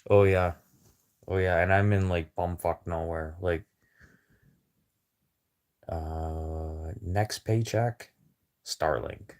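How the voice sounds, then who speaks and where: A man talks with his viewers into a phone in a loose, rambling way, swearing freely and speaking bluntly. His voice sits a little low. He takes his time, drawling slowly through each thought. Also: steady tone, darkish tone. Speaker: livestreamer chatting with viewers. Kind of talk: casual rambling chat.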